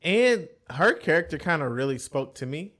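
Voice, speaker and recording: A man's voice: a little high, big pitch swings, moderate pace, fairly bright tone. Laid-back man laughing through casual chat. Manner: laid-back, laughs often, acts out quotes. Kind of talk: casual chat about an anime.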